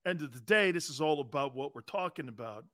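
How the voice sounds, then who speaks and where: A brash sports talk host with a high-pitched voice, needling his viewers and swearing freely. He sounds combative but playful as he answers comments live. The recording is dry, with no room sound. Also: animated, brisk, bright, forceful tone, dry recording. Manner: brash and profane, talks straight to viewers.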